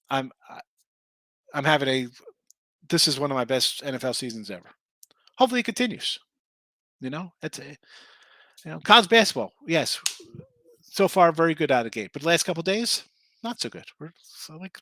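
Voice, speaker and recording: A man hosting a sports betting stream in a casual, rambling way, reading out picks and records and talking back to his chat. His voice is bright and forceful and sits a little high. The sound is dry and close, with no room echo. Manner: rambling, reads out picks and chat names, restarts often. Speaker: sports betting show host.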